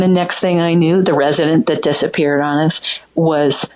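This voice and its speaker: A woman guest earnestly recounting a personal story in an interview, halting and restarting as she goes. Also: sits low, fairly even intonation, darkish tone, low-quality recording. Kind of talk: emotional first-person storytelling.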